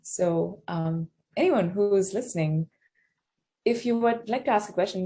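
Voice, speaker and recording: A woman's voice: on the low side, unhurried, creaky, mellow. A woman hosting a live audio Q&A, friendly and laughing, with frequent ums. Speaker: host.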